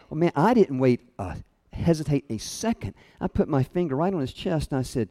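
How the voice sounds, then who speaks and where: Humorous man telling a sermon story. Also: a little fast. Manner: self-deprecating, humorous, animated storytelling; chuckles often, voice drops low and soft at tender moments. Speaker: speaker at a college chapel.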